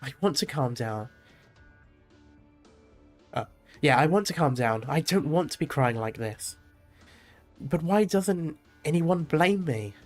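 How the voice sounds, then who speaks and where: A man's voice: fairly high pitch, lively intonation, takes it slowly, long pauses, faint music behind. A man reading aloud the lines of a grief-stricken young winged woman from a game, in a mostly plain, lightly acted voice. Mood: anguished.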